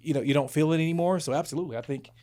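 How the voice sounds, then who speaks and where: A man's voice: a little high, rapid-fire, dark tone. A man hosting a studio podcast, responding reflectively and agreeably and often restarting his sentences. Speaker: podcast host. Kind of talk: casual studio conversation.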